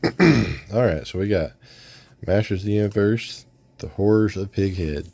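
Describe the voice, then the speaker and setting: A man talks through a toy review in a relaxed, rambling way, often restarting his sentences. His voice is lowish, mellow and warm. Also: unhurried, vocal fry. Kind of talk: casual unboxing review.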